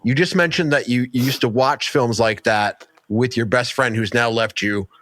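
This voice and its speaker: A man's voice: mid-range voice, normal speed, fairly bright tone, dry recording. A man co-hosting a movie podcast, chatting casually with a dry, mock-serious manner. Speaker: podcast co-host.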